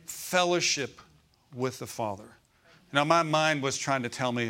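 Male pastor, mid-pitch voice, chatty preaching style with frequent asides to the congregation. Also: normal speed, pushed and bright. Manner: conversational preaching, asks the congregation for agreement. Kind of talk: sermon. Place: church.

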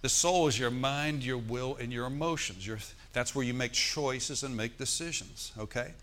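A man's voice: mid-range voice, normal speed, a bit bright. A male pastor preaching a sermon in a church, asking his congregation questions and leading them in reciting scripture.

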